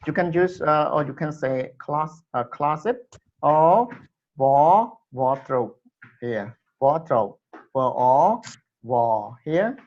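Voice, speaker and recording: Guy teaching english, slow and halting, keeps repeating words, muffled lo-fi audio. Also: a little high. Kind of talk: classroom English lesson. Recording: dull lo-fi recording.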